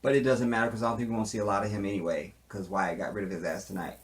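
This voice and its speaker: A man talks through a TV episode in a loose, animated recap. He slips into slang and repeated tag phrases, and his voice sits a little low. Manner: animated, acts out character lines in quick impressions. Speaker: TV show reviewer. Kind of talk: casual recap commentary.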